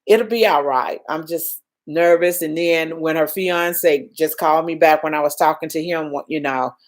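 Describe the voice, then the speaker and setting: An older woman hosting a casual live stream, talking emotionally, reassuring viewers and reading their comments aloud, shaken and trying to calm down. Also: deep voice, normal speed. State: shaken, calming down.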